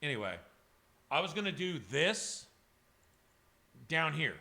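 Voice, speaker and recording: Slow and sing-song, with vocal fry and a sharp tone on the high side, a male airbrush artist streams from his home studio. He talks casually to viewers, rambling, cursing, emotional, and naming people in chat.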